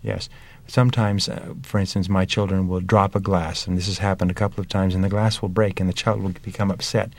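A middle-aged parenting speaker talks earnestly about family values, illustrating his points with stories from his own home life. His voice is deep, brisk, and gravelly, with little pitch movement.

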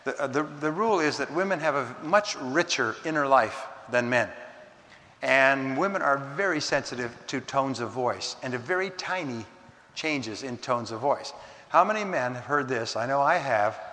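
A man speaking at mid pitch in a large hall with a long, ringing reverb. He gives a motivational seminar talk, measured and emphatic, drawing out key words for weight. The room's echo hangs on his phrases. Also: lively intonation, sharp tone. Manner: measured, emphatic lecturing with dramatic slowdowns.

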